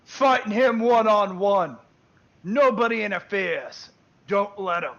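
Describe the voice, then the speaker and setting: A man voicing a hulking, hot-tempered male orc chieftain who shouts his challenges. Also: high-pitched, takes it slowly, muffled recording, exaggerated voice. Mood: defiant. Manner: bellowing challenges.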